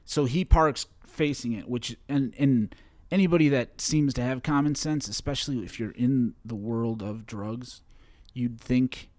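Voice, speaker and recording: A young man from Chicago, a guest on an interview show, recounting a personal story in a halting way with many fillers and restarts. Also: mid-range voice, a little mellow, no room sound.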